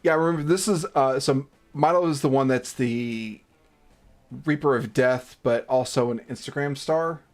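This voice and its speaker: A man's voice: medium pitch, normal speed, soft background music. A man streaming a game, narrating it with jokes, frequent swearing and theatrical outbursts. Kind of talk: casual live-stream chat and game narration.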